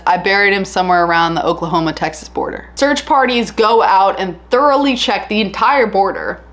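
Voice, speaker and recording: A woman casually narrating a true crime case, chatty and candid with an animated retelling. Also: medium pitch.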